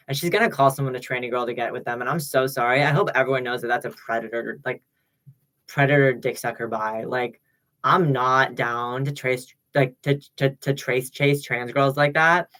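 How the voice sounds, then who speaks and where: A bright, forceful male-sounding voice delivers a heated, profane livestream rant. The talk is thick with "like" and sharp outbursts, recorded on a webcam mic at home. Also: medium pitch, steady tone, brisk. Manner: profane, heated, full of "like" fillers. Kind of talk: ranting livestream monologue.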